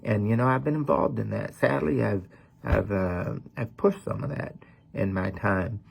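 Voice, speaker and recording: A man's voice: lowish voice, moderate pace, gravelly, husky. A middle-aged man preaching a sermon as a pastor, talking in a folksy, conversational way with lots of "man" and "you know.".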